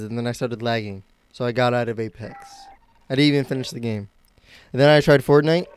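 A man's voice: medium pitch, clean tone, dry recording. A young man from the United States chatting casually while live-streaming games, rambling and self-mocking. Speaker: game streamer.

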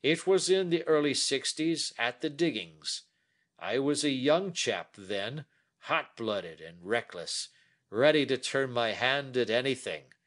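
A man voicing an aging, remorseful man who talks in a slow, heavy, pleading way. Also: medium pitch, animated, a bit bright, voice pushed up. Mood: confessing.

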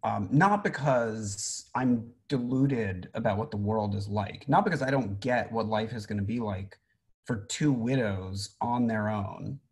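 A man's voice: fairly low pitch, measured pace, darkish tone. A middle-aged man, a rabbi, giving an informal talk on a Bible story, conversational, with frequent ums and restarts. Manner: conversational, many fillers and restarts. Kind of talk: informal Torah teaching.

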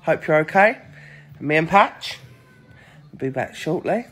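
A man's voice: fairly high pitch, animated, unhurried, long pauses, fairly bright tone. A man chatting casually to his phone camera, sentimental and jokey. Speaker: TikTok vlogger.

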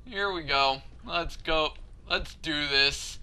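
Frustrated gamer man, slow and bright. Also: fairly high pitch, clear, resonant tone. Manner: frustrated, laughing, cursing rants. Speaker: let's play gamer. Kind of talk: gameplay commentary.

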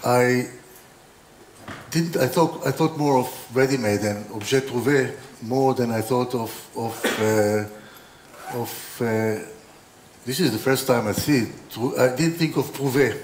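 A man's voice: medium pitch, slow, slight background noise. A man giving an informal opening talk as a designer, telling rambling anecdotes with restarts and dry humor. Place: exhibition hall. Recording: roomy hall with faint ambience.

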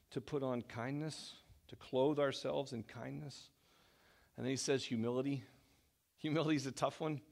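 A man's voice: fairly high pitch, creaky. A middle-aged man preaching as a pastor in a church, talking in a conversational, self-deprecating way that often restarts his sentences. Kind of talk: sermon. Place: church sanctuary.

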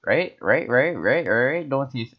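Captured in a dull lo-fi recording, this gaming host from the Philippines has had some wine and jokes his way through erratic commentary, now and then letting out a sudden scream. He speaks in a mid-range, animated voice with a breathy edge, taking his time.

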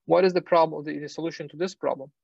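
A man's voice: on the high side, fairly even intonation, vocal fry, a little mellow, dry recording. Man lecturing, dry and slightly muffled. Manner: explanatory, pauses with fillers and self-corrections, asks "right?". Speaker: university lecturer. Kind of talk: technical lecture. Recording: dull, lo-fi lecture recording.

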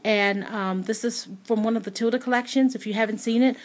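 A woman's voice: a little high, steady tone, brisk. A woman hosting a craft channel, chatting casually as she shows off a gift, gushing with many ums and repeated words. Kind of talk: casual unboxing chat.

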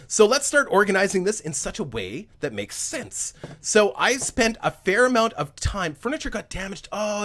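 Male gaming host, cheerful running commentary with a lively voice that swoops a lot. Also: high-pitched. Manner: chatty and upbeat, laughs often, thinks aloud while playing. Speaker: let's play host. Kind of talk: casual gameplay commentary.

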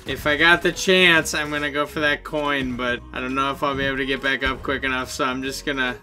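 A man giving excitable, slangy commentary over his own gameplay, laughing often and yelping when he gets caught. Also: mid-range voice, a little fast, soft background music. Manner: slangy, playful trash talk. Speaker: gaming YouTuber.

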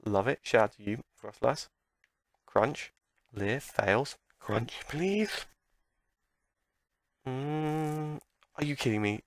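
Gravelly excitable gaming commentator man. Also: mid-range voice, no echo. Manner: excitable, talks back at the game. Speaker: let's play commentator. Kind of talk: gameplay commentary.

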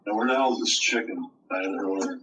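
A man's voice: lowish voice, fast talker, fairly bright tone. A man streaming with puppets, chatting in a crude, offhand, joking way with mumbled asides. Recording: distant mic with faint noise.

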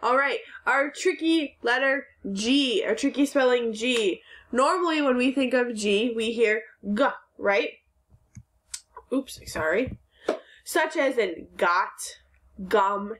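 Lady teacher doing a kids phonics lesson, takes it slow, sounds out every word real patient. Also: fairly high pitch. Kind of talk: recorded phonics lesson for children.

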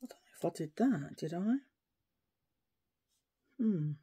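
A woman talking casually to her viewers in a rambling vlog. Her voice sits a little low, and she often drifts into quiet murmurs to herself between thoughts. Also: lively intonation, a little slow, husky. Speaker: vlogger. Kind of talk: casual chat to camera.

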